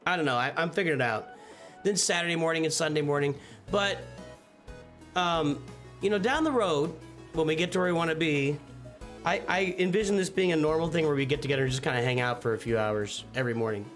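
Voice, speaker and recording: Chatty rambling male streamer, fairly high voice. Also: fairly quick, fairly bright tone, soft background music. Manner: rambling, restarts often, thinks aloud. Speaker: streamer and channel host. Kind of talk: casual live-stream chat.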